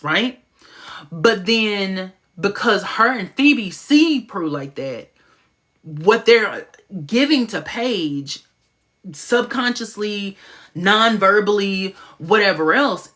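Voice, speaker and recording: A woman giving casual live-stream commentary on a TV show, talking fast and excitedly, with sudden high-pitched asides.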